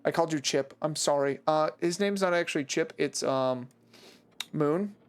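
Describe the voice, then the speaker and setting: A streamer in the middle of a live gameplay session, chatting casually and joking with the viewers. The voice sits at an ordinary middle pitch, and the talk stays playful and teasing throughout. Faint game music plays underneath. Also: moderate pace, clear, resonant tone. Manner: joking, teasing, talks to chat.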